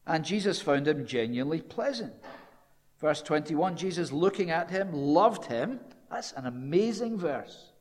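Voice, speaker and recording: A man preaching a sermon, telling the story with animation and dropping low and quiet when quoting. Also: animated, a little slow, in a large hall.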